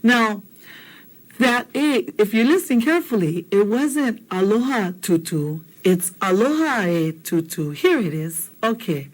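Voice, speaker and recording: A woman's voice: on the high side, lively intonation, measured pace, rough recording. A woman teaches a language lesson. She talks encouragingly and repeats phrases so learners can practice along.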